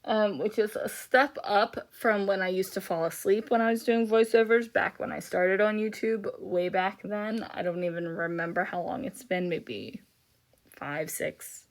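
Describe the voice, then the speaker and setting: A middle-aged woman chatting casually in a voiceover for her scrapbooking video, tired and rambling, with frequent fillers and yawns. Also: medium pitch. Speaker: scrapbooking YouTuber.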